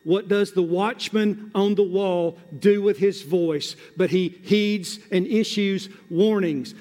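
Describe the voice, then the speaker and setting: A man preaching a sermon as pastor, drawing out key words and repeating phrases, swelling from hushed, slow passages to loud, rising exhortation. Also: high-pitched, fairly even intonation. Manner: emphatic, drawn-out words and repetition. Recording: long hall reverb.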